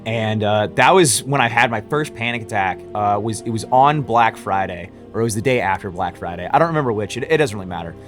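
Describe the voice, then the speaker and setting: A man's voice: on the low side, brisk, few pauses, faint music behind. A man who runs a small business, telling a story in a casual vlog, rambling with many restarts and fillers.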